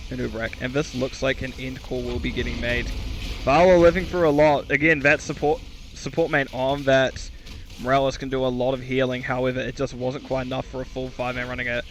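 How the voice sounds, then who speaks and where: A man's voice: medium pitch, a little hiss or hum. A man calling a video game match alone, in a mid-range voice. He talks in a chatty, joking way and stumbles over names before correcting himself. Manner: chatty, self-mocking, trips over names. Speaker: esports caster. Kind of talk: solo game commentary.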